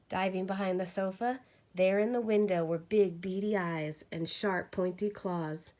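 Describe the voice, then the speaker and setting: Woman, teacher, reading a storybook aloud, expressive, slow. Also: on the low side.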